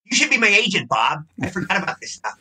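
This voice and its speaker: A man with a high, very bright, slightly husky voice talks fast on a podcast. He rambles, gushes and repeats himself in loose casual chat. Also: very animated, rough recording. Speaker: podcast guest, actor.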